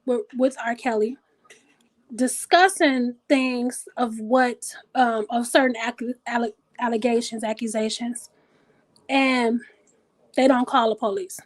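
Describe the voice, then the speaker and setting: A woman hosting a casual talk show, blunt and profane, animated and thinking out loud. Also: on the high side. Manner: animated, blunt and profane, pausing to reason aloud. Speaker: host.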